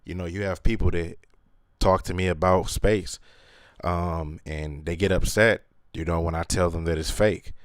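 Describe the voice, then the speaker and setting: A man's voice: low-pitched, fairly even intonation, normal speed, dry recording, clean studio sound. A man hosting his channel in a casual, earnest monologue, talking slangy with many fillers. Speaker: channel host.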